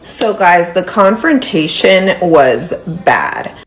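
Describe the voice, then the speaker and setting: A woman's voice: lowish voice, very animated, slow, rough recording. A woman in her thirties telling a personal story to camera, earnest and full of "like" and "um". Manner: earnest, many fillers like "like" and "um". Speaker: storyteller in a played clip.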